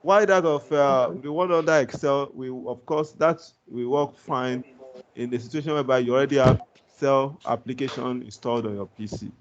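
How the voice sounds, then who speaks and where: A man's voice: medium pitch, moderate pace, dull audio, a little hiss or hum. A man teaching a live online class, patient and reassuring, often repeating himself. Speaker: instructor. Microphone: video call.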